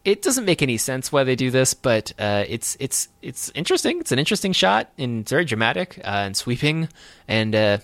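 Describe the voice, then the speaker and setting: A man's voice: medium pitch, very animated, fairly quick, a bit bright, dry recording. A man hosting a podcast, recapping a film in casual chat with wry, sarcastic asides. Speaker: podcast host.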